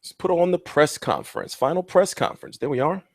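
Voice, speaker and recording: A man's voice: fairly high pitch, sing-song, fairly quick, no echo, studio quality. A man hosting a casual boxing livestream, rambling and joking crudely as he chats. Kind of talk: casual live-stream chat.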